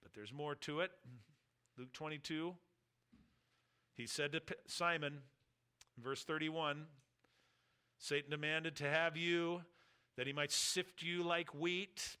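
A man's voice: on the high side, bright, forceful tone, smooth. A middle-aged man preaching an expository sermon, reading scripture aloud and acting out the speakers' words.

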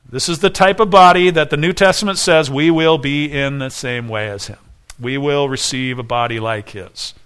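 Um homem pregando um sermão com fervor, fazendo perguntas retóricas à congregação. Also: male voice, medium pitch, moderate pace, fairly bright tone, clean tone. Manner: earnest preaching with rhetorical questions. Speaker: pastor. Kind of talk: sermon.

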